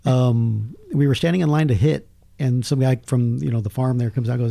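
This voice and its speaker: A man's voice: mid-range voice, a little fast, creaky, dry recording. A man, a film critic telling jokey stories in casual chat. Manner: storytelling, jokey, lively asides. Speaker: podcast guest, film critic.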